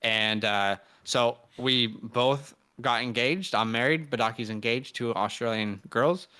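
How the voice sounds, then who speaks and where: Young man, co-host, casual joking chat, bright voice, smooth clear tone. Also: medium pitch, measured pace. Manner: loose, joking, hypes viewers. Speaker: fantasy football podcast co-host. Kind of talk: casual live mock-draft chat. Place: indoors, living in Sydney.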